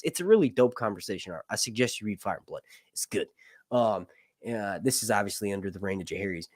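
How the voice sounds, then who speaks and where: Rambling through fantasy lore on a laid-back livestream Q&A, this male host swears offhandedly and keeps tossing in "right?" He speaks fast in a lowish, expressive voice, recorded in a clean studio with no room sound.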